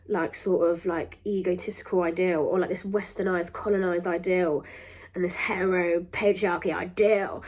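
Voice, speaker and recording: Young woman, husky voice, casual chat, emphatic and rambling. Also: medium pitch, fairly even intonation, a little mellow. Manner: rambling, emphatic, self-interrupting, quick laughs. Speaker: podcast host. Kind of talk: casual monologue to camera.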